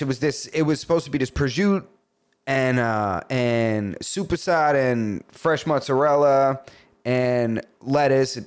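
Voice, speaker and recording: Animated man telling a story. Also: mid-range voice, clean tone. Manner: animated, swearing, acts out dialogue. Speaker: podcast co-host. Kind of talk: casual storytelling chat.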